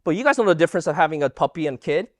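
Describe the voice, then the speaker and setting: Animated Bible teacher with lively pitch. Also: racing, dry recording, clean studio sound. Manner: asks the audience rhetorical questions; animated, emphatic delivery. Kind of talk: Bible study lesson.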